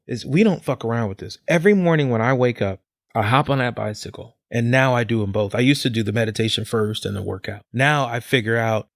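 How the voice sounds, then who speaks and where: Podcast guest, a man who swears freely and gets loud and high-pitched when he makes his point, mid-pitched voice, dry close sound. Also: no room sound. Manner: profane and emphatic, voice climbs high when fired up. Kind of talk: casual podcast chat.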